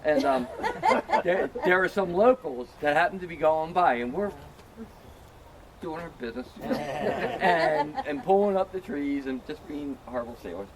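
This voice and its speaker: A man's voice: a little high, expressive, moderate pace, a crowd in the background. A middle-aged man telling a long, self-mocking story among friends, full of "um" and "you know.". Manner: rambling, filler-heavy, self-mocking. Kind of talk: casual anecdote.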